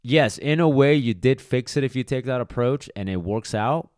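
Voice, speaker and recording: A man's voice: medium pitch, normal speed, a little mellow, no room sound, studio quality. A man who trains dogs, hosting a podcast monologue and speaking bluntly and emphatically, with casual swearing. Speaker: dog trainer, podcast host.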